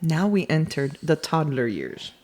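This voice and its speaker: A woman's voice: low-pitched, very animated, unhurried, a little mellow. A woman co-hosting a podcast in casual chat, laughing often and correcting her partner. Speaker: podcast co-host.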